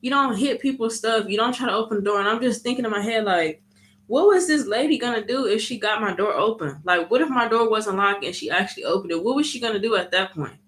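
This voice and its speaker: Woman vlogger with a bright voice, lively storyteller who acts out the dialogue. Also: mid-range voice, quick pace. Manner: animated storytelling, frequent "you know what I mean". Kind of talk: casual storytime vlog.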